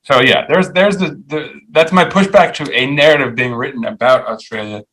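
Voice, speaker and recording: A man's voice: mid-range voice, normal speed, a bit bright, rough recording. A man hosting a podcast, giving opinionated, sardonic commentary on the week's news in a loose, rambling way full of fillers and restarts. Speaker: podcast host.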